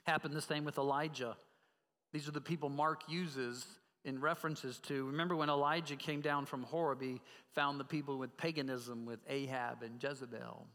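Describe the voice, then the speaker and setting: A man's voice: mid-range voice, fairly bright tone, in a large hall. A man preaching a sermon as pastor, earnestly asking the congregation direct questions.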